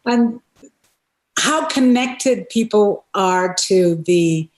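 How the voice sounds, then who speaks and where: A woman's voice: medium pitch, extremely slow, darkish tone. A woman on a video call panel, speaking reflectively and searching for her words. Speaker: actor on a reunion panel. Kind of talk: casual panel chat. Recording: roomy video call audio.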